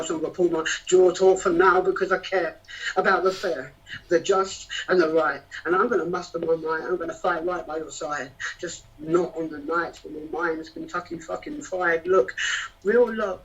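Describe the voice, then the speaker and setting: A man's voice: on the high side, fairly bright tone. A man performing spoken word poetry in a rhythmic, rhyming, emotional delivery. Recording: distant, dull lo-fi sound.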